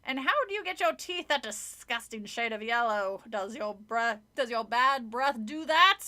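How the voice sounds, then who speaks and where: A woman voicing a nasty male ventriloquist dummy who trades insults in a harsh, raspy voice. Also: a little high, expressive, normal speed, pushed and bright. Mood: taunting.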